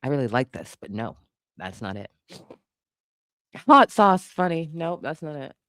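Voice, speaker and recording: A woman's voice: low-pitched, sing-song, measured pace, no echo, clean studio sound. A young woman hosting a casual livestream, reading chat guesses aloud, laughing often and teasing with casual swearing.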